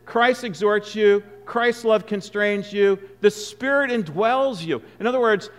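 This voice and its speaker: A male preacher giving an expository sermon, emphatic, with loud stresses and hushed asides. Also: high voice.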